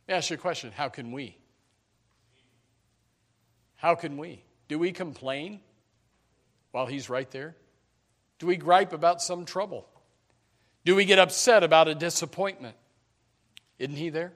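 A man preaching a sermon in an animated, emphatic way, often repeating words as he starts a sentence. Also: on the high side, measured pace, pauses often. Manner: animated, emphatic preaching with sudden loud peaks.

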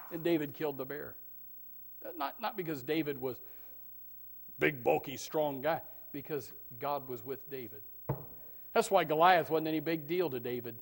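A middle-aged male pastor preaching a sermon, animated, swinging from loud bursts to hushed tones. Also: a little high, moderate pace. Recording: long hall reverb.

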